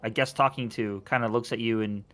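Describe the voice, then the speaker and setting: A man running a tabletop game as dungeon master, narrating in a relaxed way with many fillers. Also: medium pitch, fairly quick.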